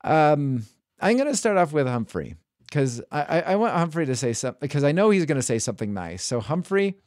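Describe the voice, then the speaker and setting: A man's voice: a little high, very animated, fairly quick, a little mellow, dry recording, clean studio sound. A man hosting a podcast in a playful, chatty way, steering the discussion with frequent stumbling restarts. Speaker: podcast host.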